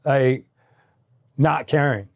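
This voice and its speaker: A man's voice: medium pitch, drawn-out words, creaky. A middle-aged man from the United States, a guest telling his story in an interview with raw intensity, swearing freely and often adding "right?".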